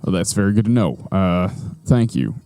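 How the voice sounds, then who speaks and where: A man playing in a tabletop game and speaking slowly and plainly. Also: low-pitched, lively intonation, warm tone, no room sound, faint music behind. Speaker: player. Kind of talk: tabletop role-play.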